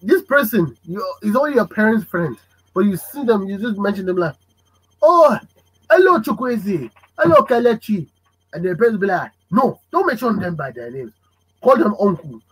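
A man hosting a casual podcast chat, animated and fond of acting out parents' voices. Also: high-pitched, a little fast, slightly rough, rough recording. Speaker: podcast host.

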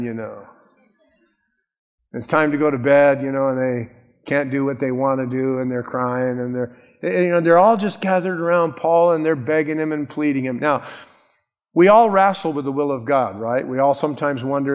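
A male pastor preaches a sermon in a conversational, animated manner. He jumps into quoted voices to act them out. His voice sits a little high and carries a long reverb from the church sanctuary. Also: moderate pace.

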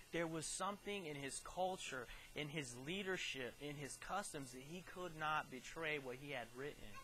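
A man preaching a sermon, retelling a scripture story with lively storytelling and acted-out quotes that swing from quiet to loud. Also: fairly high pitch, a little hiss or hum, low-quality recording. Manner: animated storytelling, acting out quotes with big swings in loudness.

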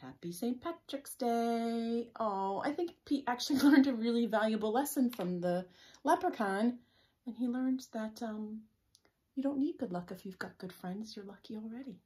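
A woman librarian leading a children's story time gently, often dropping to a whisper. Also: fairly high pitch. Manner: gentle, often drops to a whisper, drawn-out words.

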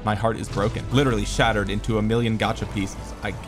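A man's voice: lowish voice, level tone, fast talker, music in the background. A young man giving gameplay commentary, with exasperated, joking rants at the game. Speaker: gaming content creator.

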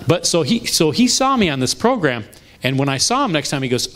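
A middle-aged man pastor telling stories in a sermon, conversational and lively, often restarting his sentences. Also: fairly high pitch, a little fast. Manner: animated, conversational, with frequent restarts. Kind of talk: storytelling sermon. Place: church sanctuary.

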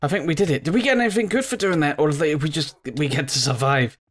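A man giving let's play commentary as he plays a game. He rambles, talks to himself and yells at the characters on screen. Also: a little high, fast. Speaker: gaming channel host.

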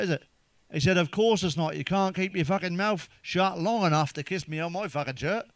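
A man's voice: fairly high pitch, no room sound. Crude, swearing man telling jokes. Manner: swearing, conversational, laughs at own jokes. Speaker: stand-up comedian. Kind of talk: crude stand-up monologue.

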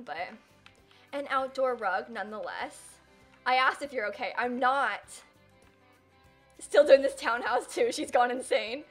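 A young woman streaming live and chatting casually, who keeps dissolving into giggles and helpless laughter. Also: high-pitched.

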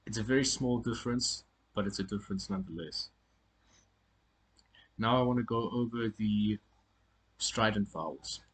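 Man, language teacher, husky and lowish voice, halting self-correcting delivery, informal lesson. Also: a bit bright. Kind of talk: casual spoken lesson on pronunciation.

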